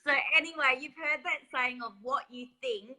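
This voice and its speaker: Woman, spa founder being interviewed; lively storyteller, higher pitch. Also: normal speed, a crowd in the background, rough recording. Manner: lively, laughs often, acts out quoted voices. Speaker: author and spa business founder.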